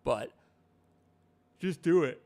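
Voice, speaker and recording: A man's voice: a little high, animated, takes it slowly, mellow. A young man casually chatting on a live stream about animation, rambling with lots of fillers.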